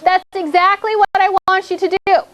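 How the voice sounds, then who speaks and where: A woman's voice: very high-pitched, fairly even intonation, moderate pace. A woman teaching a spelling lesson to a class of children, checking in often with "okay?" and giving step-by-step directions. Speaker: elementary school teacher.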